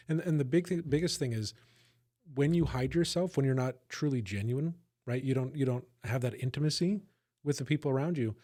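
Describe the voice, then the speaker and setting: A man's voice: medium pitch, brisk, mellow. A man co-hosting a podcast, talking in an earnest, reflective way and often checking in with his listeners. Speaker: podcast co-host. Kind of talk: casual conversation.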